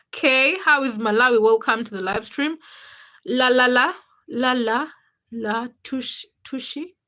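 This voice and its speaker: Hosting a relaxed livestream, a young woman with a Ugandan English accent, a Ugandan language being her mother tongue, chats as she reads comments and welcomes viewers by name in turn. Her fairly high voice sounds pushed and bright.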